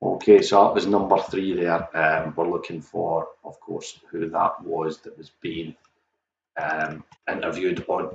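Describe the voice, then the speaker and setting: Man hosting a pub quiz, low voice, chatty and self-mocking, muffled echoey room. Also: little pitch movement, a little slow, vocal fry, a little hiss or hum. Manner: chatty, self-mocking, talks to viewers directly.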